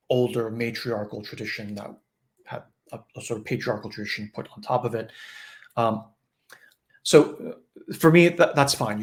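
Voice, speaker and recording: A man giving a conversational spiritual teaching in a live online session, often acting out quoted voices. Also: lowish voice.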